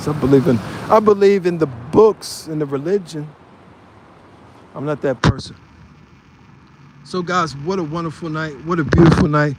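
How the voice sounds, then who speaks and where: A man's voice: a little high, noisy background. A man chatting loosely to viewers of his livestream as he walks outdoors in the city, rambling from one thing to the next. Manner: rambling, talks to viewers while walking. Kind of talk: casual livestream chat.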